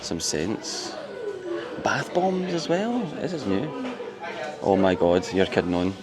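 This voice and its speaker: A man with a lowish voice speaks slowly as he vlogs from inside a resort. His narration is casual yet excitable and gushing, full of laughter.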